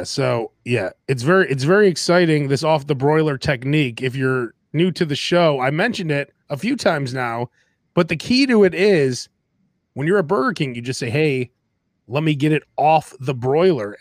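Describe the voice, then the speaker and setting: An animated man hosting a casual podcast, his voice sitting high. He talks quickly and grows loud when he gets worked up. The sound is dry and close. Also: dry recording. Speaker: podcast host. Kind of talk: casual chat.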